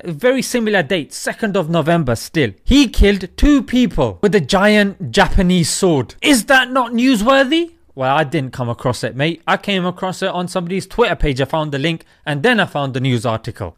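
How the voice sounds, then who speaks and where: A man with a high, lively voice holds forth in an opinion monologue about current events. He talks emphatically and keeps hitting the listener with rhetorical questions. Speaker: commentator.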